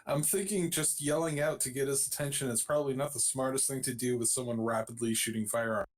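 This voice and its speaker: A man playing a tabletop game, thinking his moves through out loud in an easygoing way. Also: medium pitch, steady tone, fast. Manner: thoughtful and easygoing. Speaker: player.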